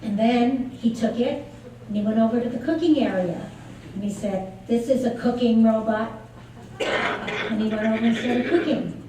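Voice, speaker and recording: A woman's voice: on the high side, normal speed, darkish tone. A woman giving a conference lecture, telling classroom stories conversationally with frequent fillers. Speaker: keynote speaker on early childhood play. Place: large lecture venue. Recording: echoey hall from far off, faint noise.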